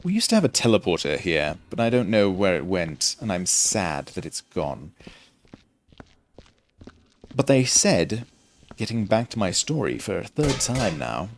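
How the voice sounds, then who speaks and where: A young man streams a game, giving rambling commentary in a low, very animated voice at a measured pace, with a little hiss or hum on the recording. He's self-deprecating and jokey, with a mild faux British-Australian lilt.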